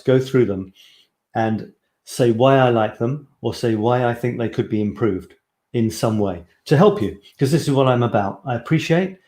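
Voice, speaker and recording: A man's voice: mid-range voice, dark tone, roomy sound. A man hosting a casual live stream as a photography coach, talking in a rambling, chatty way and often correcting himself.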